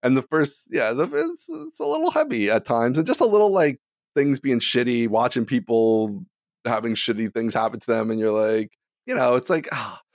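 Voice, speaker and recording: A man talks on a podcast with an easygoing manner, and his pitch moves a lot from line to line. He thinks aloud and fills the gaps as he goes. The sound is close and dry. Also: very animated, normal speed, no room sound. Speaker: podcast co-host. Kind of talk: casual chat.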